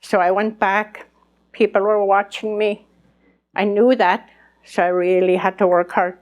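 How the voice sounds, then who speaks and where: An unhurried, medium-pitched woman's voice with little pitch movement belongs to an older woman speaking as an elder at a conference. Earnest throughout, she recounts her life story and acts out remembered exchanges.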